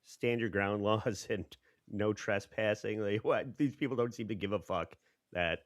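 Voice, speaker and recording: Low-voiced jokey podcast co-host, man. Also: a little slow, crowd noise. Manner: laughs often, swears, loose and jokey. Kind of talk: casual chat.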